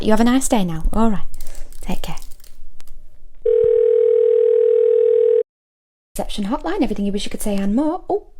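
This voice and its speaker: Woman playing a gravelly, sharp-tongued hotline auntie. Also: medium pitch. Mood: soothing. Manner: sugary to callers, scathing insults to customers. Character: brash middle-aged female hotline auntie, sharp-tongued. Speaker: hotline operator. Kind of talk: comedy sketch character monologue.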